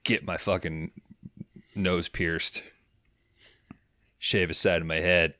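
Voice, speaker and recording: A young man riffs through a movie recap on a podcast, swearing freely and rambling between jokes. His fairly low voice comes across bright and forceful. The sound is dry and close to the mic. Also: flat delivery, no room sound. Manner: profane, rambling, acts out characters in quick voices. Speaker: podcast co-host recapping a film. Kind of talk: casual comedic movie recap.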